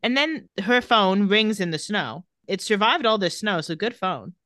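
Lively woman recapping a TV episode. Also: a little slow, no room sound, clean studio sound. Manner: reads out quoted dialogue with lively shifts in pitch and pace. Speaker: podcast co-host recapping a TV episode. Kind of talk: casual recap chat.

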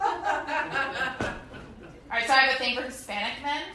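A woman's voice: high-pitched, rapid-fire, sharp tone, a little hiss or hum. A woman performing a chatty, self-deprecating stand-up set on a club stage, acting out quotes with laughs. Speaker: stand-up comedian. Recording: echoey club room.

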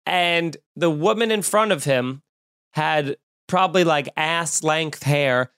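A man on a podcast rants in a lively, exasperated way, swearing freely as he riffs for laughs. His voice sits a touch higher than most men's. The sound is close and dry, with no room echo. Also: takes it slowly, clean tone. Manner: animated, exasperated ranting with frequent cursing. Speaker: podcast host. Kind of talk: casual comedic podcast rant. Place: room at home with windows open.

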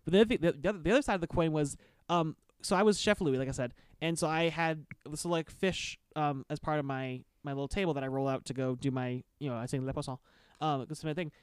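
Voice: medium pitch, fast talker, clean tone, no echo. A young adult co-hosting a podcast, telling rambling stories in a casual chat and often stammering and repeating words. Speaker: podcast co-host.

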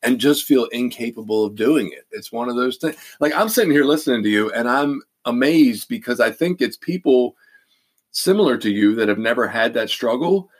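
A man's voice: medium pitch, expressive, moderate pace, husky. A man in casual conversation who speaks thoughtfully and explains things, with occasional "uh" fillers.

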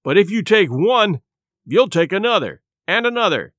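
A man's voice: high-pitched, sing-song, normal speed, fairly bright tone, dry recording, studio quality, voice pushed up. A man reading an audiobook, voicing a blunt doctor who lectures firmly. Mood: stern. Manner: firm, scolding.

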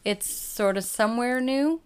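A woman's voice: on the high side, measured pace, clear, resonant tone. A woman co-hosting a podcast with her husband, chatting casually and laughing easily. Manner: easygoing, laughs often. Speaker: podcast co-host. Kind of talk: casual chat.

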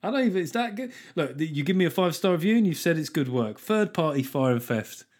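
A man's voice: on the high side, animated, fast, darkish tone. A man hosting a comedy podcast alone, chatting casually and mocking things with plenty of swearing. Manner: sweary, mocking, riffs between readouts. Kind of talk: casual solo podcast chat.

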